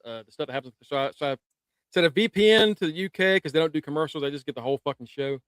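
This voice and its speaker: Man, podcast co-host, high bright tone, dry close mic, profane excited recap. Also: racing, clear, resonant tone, dry recording. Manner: animated, profane play-by-play storytelling. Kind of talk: casual chat.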